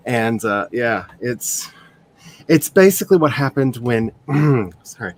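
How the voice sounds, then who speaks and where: A man's voice: mid-range voice, expressive, unhurried, a little hiss or hum. A man from the Ozarks with a practiced Mid-Atlantic accent, chatting casually in a group video call and enunciating carefully. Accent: trained Mid-Atlantic American.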